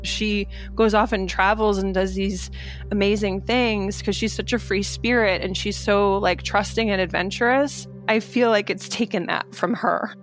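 A woman, the sister of the subject, retelling events with animated disbelief and getting choked up. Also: medium pitch, moderate pace, soft background music. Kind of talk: emotional retelling.

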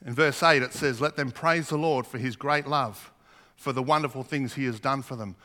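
A man's voice: medium pitch, normal speed, pushed and bright. A man preaching a sermon, earnest, asking the congregation questions as he reads scripture. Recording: long hall reverb.

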